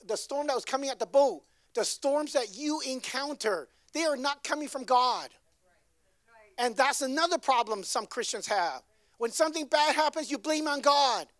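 A woman's voice: high-pitched, no echo, studio quality. A woman preaching a sermon in a conversational way, often checking in with her listeners. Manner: conversational, keeps asking "right?".

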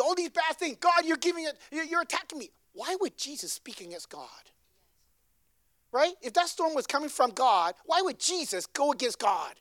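A woman's voice: high voice, big pitch swings, brisk, a bit bright, no echo. A woman preaching a sermon in a conversational way, often checking in with her listeners. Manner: conversational, keeps asking "right?".

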